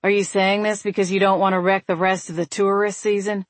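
A woman reading as a by-the-book male sheriff in an audiobook, doubtful and matter-of-fact, in a steady mid-pitched voice. The recording is close and dry. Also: fairly quick, no room sound, close to an everyday voice. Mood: skeptical. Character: skeptical, stiff new male sheriff.

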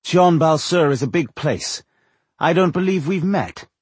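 A man's voice: on the high side, expressive, a little slow, breathy edge, no echo, pitched above the performer's own voice. A man voicing an arrogant, sinister female elf in an audiobook, speaking sharply and haughtily. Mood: haughty.

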